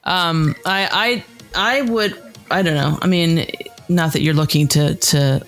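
A woman's voice: low-pitched, unhurried, fairly bright tone, soft background music. A woman co-hosting a casual chat, emphatic and laughing often, swearing freely.

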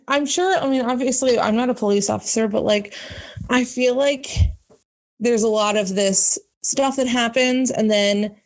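Podcast co-host, woman, mid-pitched, rambling and reflective, casual. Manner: thinks aloud with many likes and restarts. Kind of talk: casual book discussion.

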